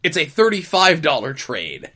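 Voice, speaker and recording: A man's voice: fairly high pitch, wildly swooping pitch, moderate pace, pushed and bright, breathy edge. A young man co-hosting a casual comics podcast, chatting wryly and running through news. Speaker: podcast co-host. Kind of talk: casual chat.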